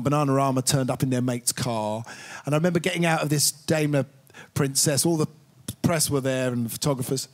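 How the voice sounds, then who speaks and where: A man in his sixties, a guest musician reminiscing in an interview and telling wry anecdotes. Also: fairly high pitch.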